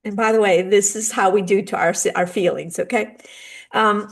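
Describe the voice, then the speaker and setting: A middle-aged woman and spiritual guide speaking in a gentle, earnest way about healing, now and then acting out little dialogues. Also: mid-range voice, moderate pace, vocal fry, slightly rough. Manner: gentle, earnest, acts out short dialogues with lively shifts. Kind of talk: heartfelt talk on healing grief.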